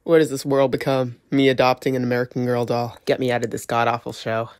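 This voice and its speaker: A woman putting on a deep, weary man's voice, gloomy and despairing in a comedy fan dub. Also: flat delivery, quick pace, a little mellow, dry recording, studio quality.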